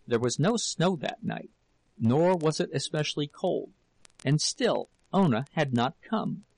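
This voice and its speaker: A man reading a novel aloud as an audiobook narrator, in a steady, measured way. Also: fairly high pitch, creaky, no room sound, rough recording. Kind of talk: scripted narration.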